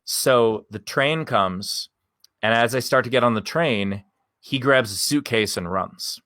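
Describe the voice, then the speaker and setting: A man's voice: mid-range voice, measured pace, fairly bright tone, dry recording, studio quality. A male comedian telling a long story on a podcast in a candid, rambling way and swearing casually. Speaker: guest comedian.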